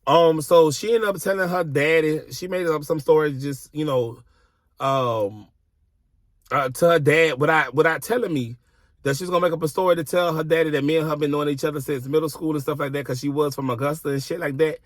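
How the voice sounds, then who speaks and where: A fairly high-voiced man vents bluntly and profanely as he tells a story from his car. His delivery is casual and exasperated, and the sound is close and dry with almost no room echo. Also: steady tone, fairly quick. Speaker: vlogger telling a personal story.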